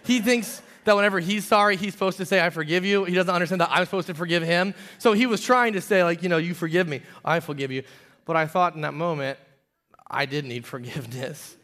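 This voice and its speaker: A man in his thirties preaching a sermon as pastor, telling a personal story and moving between loud emphatic peaks and quiet, hushed confession. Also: sits high, fast talker.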